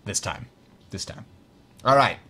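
A man's voice: on the low side, animated, a little slow, pushed and bright. A man hosting a game tutorial, explaining rules step by step while playing, correcting himself with frequent fillers. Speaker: host teaching a board game.

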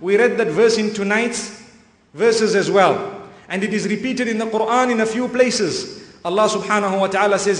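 A man's voice: high-pitched, moderate pace, a bit bright. Earnest male preacher in an echoey hall. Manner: earnest, emphatic, with frequent Arabic phrases. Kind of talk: sermon. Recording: echoey hall, long reverb.

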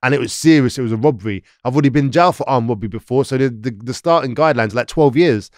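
A man's voice: medium pitch, racing, dry recording, clean studio sound. Slangy London man telling stories. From London, England. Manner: animated, slangy, acts out quoted voices. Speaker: podcast guest. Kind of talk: casual storytelling.

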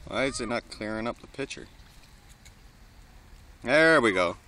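Excited swearing man talking to birds. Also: mid-range voice, measured pace, heavy background noise. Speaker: vlogger filming birds. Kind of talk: casual vlog narration. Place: outdoors by water with birds.

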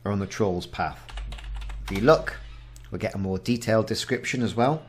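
A man's voice: lowish voice, normal speed. A man in his forties hosting a casual game walkthrough, reading the game's text aloud with wry asides. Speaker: gaming channel host.

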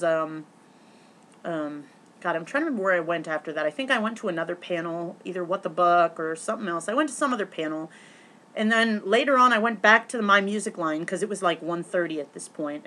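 Bright-voiced chatty woman vlogger. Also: fairly low pitch, a little hiss or hum. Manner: chatty, excitable, many fillers and restarts. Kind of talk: rambling casual storytelling.

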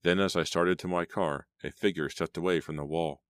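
Very deep-voiced male audiobook narrator. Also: steady tone, a little fast, no room sound, clean studio sound. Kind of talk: scripted storybook narration.

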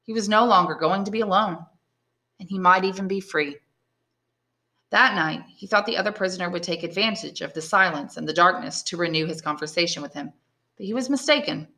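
An English teacher, a woman, narrating a classic novel aloud with clear, steady storytelling. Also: fairly low pitch, a little fast.

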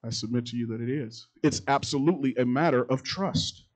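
A middle-aged man, a pastor, preaching a sermon that repeats its phrases and swings between loud and quiet passages. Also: medium pitch, brisk, poor audio.

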